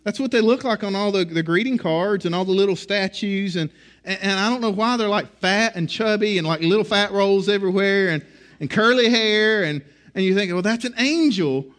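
A middle-aged man preaching a sermon in a conversational, animated way, often restarting his phrases. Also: high voice, moderate pace. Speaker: pastor.

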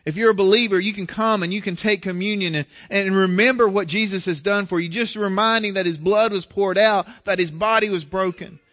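A man with a high voice preaches a Sunday sermon. He speaks earnestly and in a plain, conversational way. He often stumbles and doubles words at the start of his sentences. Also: fairly even intonation, brisk, hardly any pauses, a bit bright. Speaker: pastor.

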